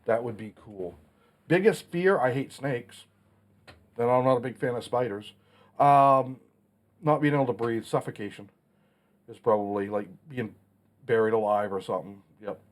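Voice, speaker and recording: Hiccuping through a casual Q&A vlog, this channel host in his forties talks in a blunt, plainspoken way and swears mildly. He speaks at a normal speed with a medium pitch and takes long pauses.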